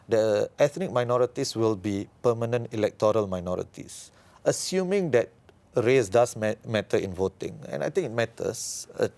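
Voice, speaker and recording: A man, an expert guest explaining politics in a measured, analytical way with frequent fillers. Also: mid-range voice, creaky, a little mellow. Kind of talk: explanatory interview talk.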